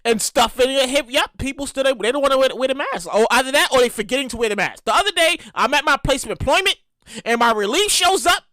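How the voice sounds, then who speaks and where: Animated high-voiced woman podcast host. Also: fast, no room sound, studio quality. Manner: animated, profane, ranting storyteller. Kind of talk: casual solo podcast monologue.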